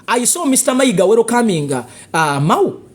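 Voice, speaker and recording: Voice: mid-range voice, big pitch swings, normal speed, breathy edge. A speaker with a Ugandan accent giving a live political commentary monologue, confrontational and full of rhetorical questions and repeated warnings.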